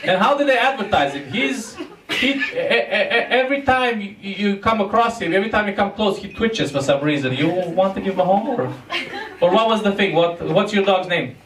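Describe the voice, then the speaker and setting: A man's voice: high-pitched, lively intonation, moderate pace, recorded from a distance. A man from Romania, a stand-up comedian doing crowd work, teasing and joking with the audience. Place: comedy club stage. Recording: echoey room, heard from afar, loud crowd.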